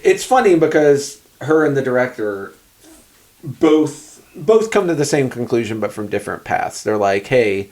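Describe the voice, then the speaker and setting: A man's voice: medium pitch, very animated, a little mellow. A man co-hosting a podcast, chatting casually about a movie, agreeing often and acting out lines from the film. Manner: chatty, quick to agree, acts out characters' lines. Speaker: podcast co-host.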